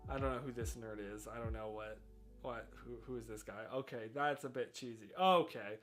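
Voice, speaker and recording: A man's voice: mid-range voice, normal speed, a bit bright. An American man streaming live, chatting casually and thinking aloud in a rambling, self-deprecating way. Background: faint lo-fi music.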